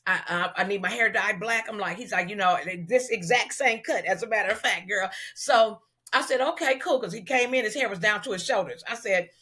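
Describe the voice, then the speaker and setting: Middle-aged hairstylist lady from LA, bright voice, slangy, really animated storytelling. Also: medium pitch, a little fast. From South Central Los Angeles, US. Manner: animated, acts out dialogue, slangy. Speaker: celebrity hairstylist, guest. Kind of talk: casual storytelling in an interview.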